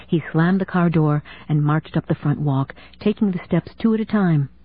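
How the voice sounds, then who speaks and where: Brief: low-ish, husky female audiobook narrator, steady delivery, thin phone-like sound. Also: moderate pace. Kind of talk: scripted narration. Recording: dry tinny phone-like sound.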